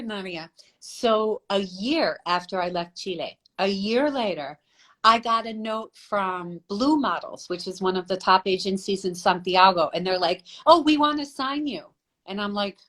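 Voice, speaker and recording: A woman who models and sings opera, telling animated stories and laughing on a live video call. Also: mid-range voice, normal speed. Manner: animated storyteller, laughs often. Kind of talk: casual live chat.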